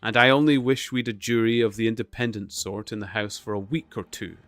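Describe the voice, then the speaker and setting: A man voicing a pompous, irritable middle-aged parish beadle in a storybook reading, loud and contemptuous. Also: lowish voice, steady tone, brisk, no echo, faint music behind, lightly acted.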